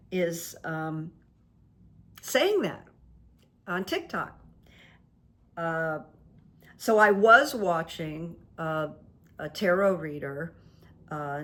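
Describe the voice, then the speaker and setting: A woman hosts her own talk show, reading runes and telling stories from her past. She speaks slowly and a little low, wandering through her thoughts with frequent fillers and false starts. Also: fairly bright tone. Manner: meandering, with many fillers and restarts. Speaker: host and rune reader. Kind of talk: casual monologue.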